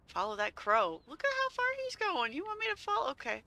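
A woman's voice: high-pitched, wildly swooping pitch, brisk, creaky, few pauses, bright, forceful tone. A woman playfully commenting on a game as she plays, seated and chatting to herself. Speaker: gaming channel host. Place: seated at home.

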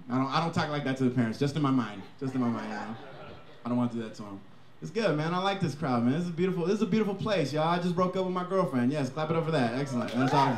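A man doing a stand-up comedy set in a comedy club, with a brash, profane and punchy delivery. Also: on the high side. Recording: echoey live club recording.

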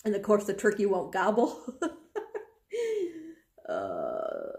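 A woman's voice: mid-range voice, wildly swooping pitch, takes it slowly, gravelly, a little mellow. Giggly woman reading from her book diary. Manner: reads passages aloud with frequent giggling. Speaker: book vlogger. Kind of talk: casual book reading and chat.

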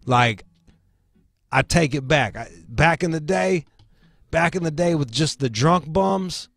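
A man's voice: fairly high pitch, slow pace, gravelly, dry recording. A man hosting a show, telling a street story in a loose, profane, rambling way. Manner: profane, rambling, animated retelling. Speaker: show host. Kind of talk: casual storytelling.

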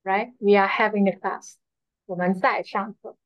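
A woman's voice: medium pitch, steady tone, moderate pace, dry recording. A woman teaching Chinese in a patient online lesson from a school, repeating phrases with frequent fillers. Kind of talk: slow, repetitive online language lesson. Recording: slightly dull, dry lo-fi sound.

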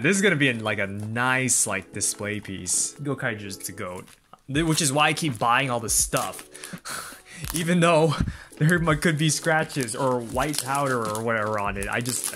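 A man casually talking through a toy unboxing, excitable and gushing, often laughing and exclaiming. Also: mid-range voice.

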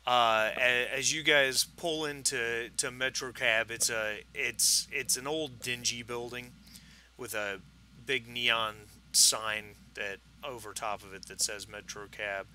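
A man's voice: mid-range voice, fairly even intonation, slow pace, bright, forceful tone, slight background noise, rough recording. A man narrating as game master of a tabletop game, describing scenes with frequent fillers and restarts.

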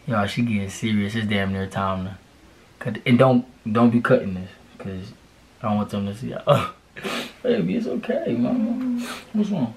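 A man's voice: lowish voice, steady tone, moderate pace, slight background noise. A young man co-hosting a casual couple challenge video, slangy and profane, coaxing and reassuring his partner. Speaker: vlogger co-host.

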